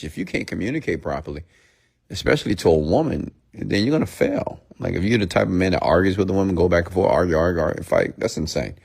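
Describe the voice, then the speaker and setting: Man, very deep voice, blunt lecturing monologue, hushed near-whispered asides. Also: gravelly. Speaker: motivational speaker.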